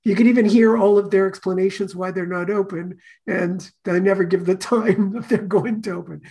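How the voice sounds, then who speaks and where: Gravelly-voiced woman teaching a class. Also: mid-range voice, steady tone, normal speed, warm tone. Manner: storytelling, acts out quoted voices. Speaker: course teacher.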